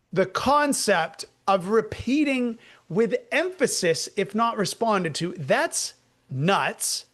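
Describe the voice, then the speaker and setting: A man's voice: high voice, a bit bright. A man with a New England accent co-hosting a podcast, questioning with wry skepticism. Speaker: podcast co-host. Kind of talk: casual chat.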